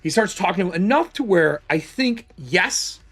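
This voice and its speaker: A man's voice: sits high, lively intonation, a little slow, fairly bright tone, soft background music. A man narrating a solo tabletop game casually, thinking aloud as he rolls dice.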